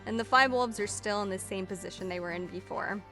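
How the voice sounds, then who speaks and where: Streaming as the game master of a tabletop game, a woman narrates the action in a medium-pitched, fairly quick voice. She giggles, swears freely and playfully teases her players, with faint music playing in the background.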